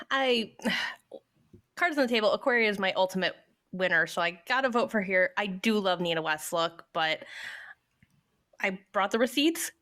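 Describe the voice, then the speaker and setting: A woman's voice: medium pitch, unhurried, pauses often, pushed and bright. A woman on a podcast panel, chatting casually, hesitant, with many ums. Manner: hesitant, lots of ums, detail-minded.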